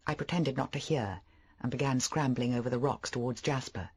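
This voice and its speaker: An audiobook narrator reading a first-person story with expressive delivery. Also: medium pitch, brisk, husky.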